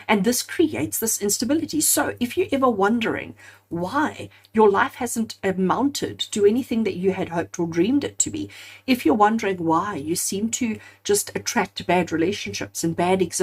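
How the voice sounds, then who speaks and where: A woman reading tarot cards for her viewers, her voice a little husky and breathy. She speaks earnestly, stacking repeated phrases into emphatic lists and calling her audience friends. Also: medium pitch, darkish tone. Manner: addresses viewers directly as friends. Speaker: tarot card reader. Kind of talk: spoken tarot reading to camera.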